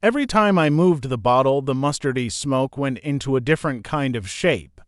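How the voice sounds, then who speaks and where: A man reading a novel aloud as audiobook narrator, in a plain, steady first-person storytelling manner. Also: medium pitch, moderate pace, dry recording, studio quality.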